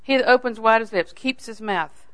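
A woman's voice: a little high, moderate pace. Folksy older woman preaching. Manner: folksy and animated, swings from loud emphasis to hushed asides. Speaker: Bible teacher. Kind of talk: sermon.

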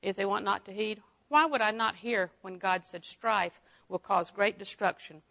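An older woman teaching a Bible lesson in a folksy way, dropping to a hush and rising to exclaim. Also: mid-range voice, normal speed, creaky. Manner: folksy, swings from hushed to exclaiming.

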